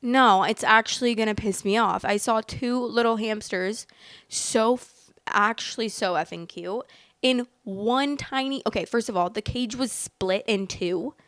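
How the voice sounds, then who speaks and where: Young woman, casual vlog host, rambling and emotional, smooth clear voice, dry close sound. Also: on the high side, a little slow, a bit bright, dry recording. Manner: emotional, rambling, lots of "like" fillers. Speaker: host reading online stories. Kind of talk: casual chat reacting to stories.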